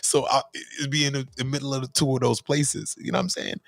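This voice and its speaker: A young man, casually telling a story as host, animated and swearing freely in street slang. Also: mid-range voice, quick pace, creaky, hardly any pauses, no echo.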